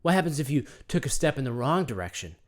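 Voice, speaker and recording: A man's voice: mid-range voice, sing-song, fast talker. A man hosting a comedic self-help monologue, earnest and soothing, talking about himself in the third person.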